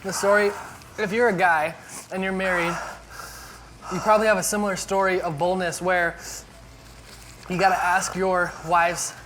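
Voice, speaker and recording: A pastor man with a notably high voice teases his partner in a loose, joking chat. A faint hiss of noise sits behind him in the recording. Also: little pitch movement, normal speed, long pauses. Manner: teasing, then groaning and laughing through the heat. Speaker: youth pastor. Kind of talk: casual on-camera chat and food challenge.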